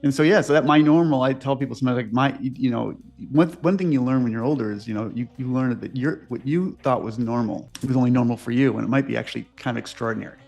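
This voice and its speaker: A man's voice: mid-range voice, fast talker, creaky, hardly any pauses, soft background music. Guy in his 60s telling stories in an interview, kinda rambly, lots of "right?", medium voice. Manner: animated, digressive, many "like" and "right?" asides. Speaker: inventor being interviewed. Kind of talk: rambling conversational storytelling.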